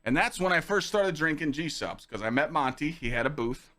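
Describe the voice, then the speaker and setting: A young man hosting a casual podcast stream, telling stories to chat in a lively, swearing, animated way. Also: fairly high pitch, moderate pace. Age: young adult. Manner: animated, swearing, acts out quoted lines in a raised voice. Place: home streaming room with dog on lap.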